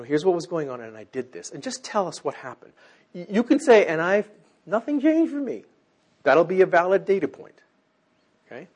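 Male preacher, husky and lively, big dynamic swings between shouts and hushed asides. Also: medium pitch. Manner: animated, swings from loud exclamations to near-whispers. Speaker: teacher. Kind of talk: sermon.

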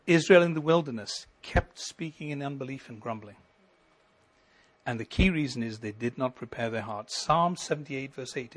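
A middle-aged male pastor preaching a sermon, building to emphatic lines and then dropping to a quiet, intimate tone. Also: medium pitch, slightly rough. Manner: preaching with rising emphasis and sudden soft drops.

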